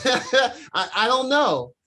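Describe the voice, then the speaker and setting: A man's voice: very high voice, big pitch swings, extremely slow, sharp tone. A man co-hosting a podcast in casual chat, mostly agreeing and chiming in. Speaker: podcast co-host.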